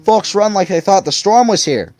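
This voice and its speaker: A man doing an excited shouting boy. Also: high voice, moderate pace, no room sound, voice pushed up. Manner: shouting, eager. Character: excitable young boy, bold and restless.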